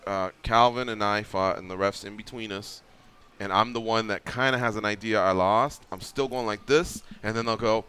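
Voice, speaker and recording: A man's voice: on the low side, steady tone, moderate pace, hardly any pauses, sharp tone, clean tone. A man hosting a radio show, chatting casually and acting out scenes with mock voices. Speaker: radio host.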